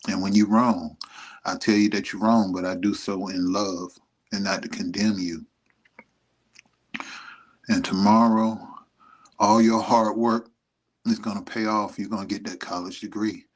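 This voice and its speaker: A man's voice: lowish voice, steady tone, unhurried, long pauses, husky. A middle-aged man giving an emotional, rambling message to his son, speaking tenderly and proudly. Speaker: vlogger. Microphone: streaming setup.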